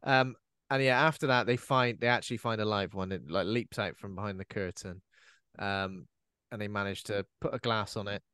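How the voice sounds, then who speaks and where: A man's voice: on the low side, normal speed, sharp tone, clear, resonant tone, no room sound, studio quality. A man co-hosting a podcast, talking about a film in a laid-back, casual way, often trailing off or asking questions. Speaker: podcast co-host. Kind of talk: casual chat recapping a film.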